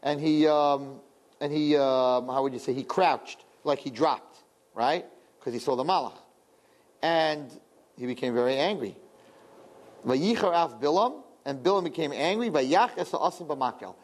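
A man teaching a lively Torah lesson, animated and joking, asking rhetorical questions. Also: medium pitch, normal speed.

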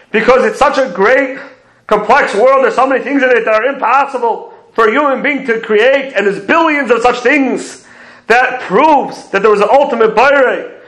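A man's voice: very high-pitched, fairly bright tone, roomy sound, rough recording. A man giving a lecture on prayer commentary, explaining sources step by step and quoting Hebrew phrases. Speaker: Torah teacher.

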